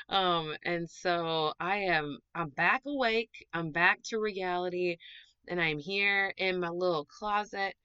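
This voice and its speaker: A woman hosting her own podcast as a dog trainer, chatty and animated, gushing as she talks in a casual way. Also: fairly low pitch, unhurried, smooth, no echo. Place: small closet recording space. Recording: dull, dry closet recording.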